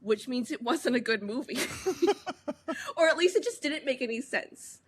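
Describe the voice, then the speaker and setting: A woman's voice: sits high, moderate pace, husky. A young woman and daughter in casual podcast chat, telling stories with lots of filler words. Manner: animated storytelling with filler words.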